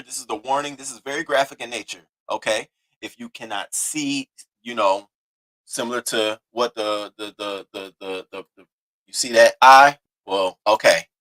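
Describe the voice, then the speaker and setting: A male host giving casual commentary, blunt and indignant and never shy of swearing. His voice sits a little high, with a bright, forceful edge. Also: poor audio. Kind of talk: casual commentary reacting to a video.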